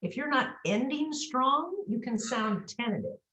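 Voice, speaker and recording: Woman, speech coach, lively voice that swings high and low, demonstrates words aloud, echoey room on a video call. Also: unhurried. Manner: animated, demonstrates pronunciation aloud. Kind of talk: coaching interview.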